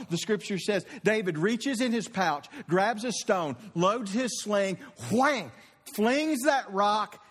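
A male preacher tells the story vividly in a high voice, throwing in sound effects. His sermon rings out with a long hall reverb. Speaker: pastor.

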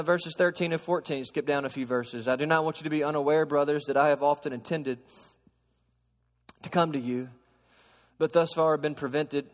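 A man preaching a sermon, moving between hushed storytelling and raised, emphatic preaching. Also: a little high. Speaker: pastor. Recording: long hall reverb.

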